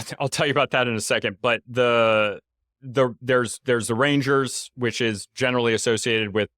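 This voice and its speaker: A man's voice: on the low side, fairly bright tone, dry recording, studio quality. A young man from the United States hosting a podcast, talking casually with many fillers and hesitations. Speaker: podcast host. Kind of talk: casual interview chat.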